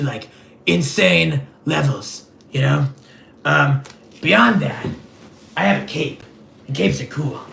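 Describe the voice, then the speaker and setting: A vain, clueless superhero, voiced by a man in a comedic livestream sketch. He rambles in a deadpan, self-absorbed way. His voice is heavily gravelly and sits a little high for a man. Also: a little hiss or hum, full character voice.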